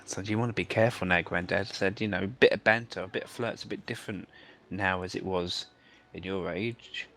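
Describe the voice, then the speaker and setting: Low-pitched male gamer, casual rambling storyteller. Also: steady tone, brisk, pushed and bright. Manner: rambling anecdote, many fillers and restarts. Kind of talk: casual chat over gameplay.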